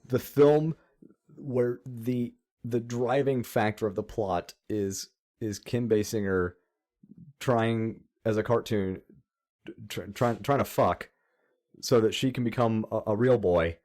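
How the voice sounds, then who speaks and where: A man's voice: mid-range voice, steady tone, slow pace, a little mellow. A young man co-hosting a podcast, rambling through opinions in casual chat and swearing freely. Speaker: podcast co-host.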